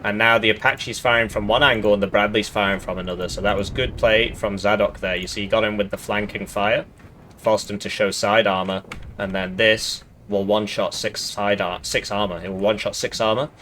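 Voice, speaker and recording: A man's voice: lowish voice, fairly even intonation, fairly quick, pushed and bright, slight background noise. A man casually commenting on a strategy game match, thinking aloud and drifting into side tangents.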